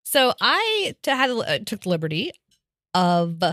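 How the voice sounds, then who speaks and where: Woman co-host, casual and wry, lively intonation, close dry mic. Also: fairly high pitch, a little slow, no echo. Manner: animated, laughing, wry asides. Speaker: podcast co-host. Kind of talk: casual chat, reading a list aloud.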